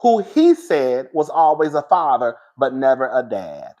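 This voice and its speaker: A man's voice: mid-range voice, very animated, unhurried, warm tone. A man giving a casual, candid commentary to his viewers, profane and rambling, often restarting and going off on asides. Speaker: reality TV commentator.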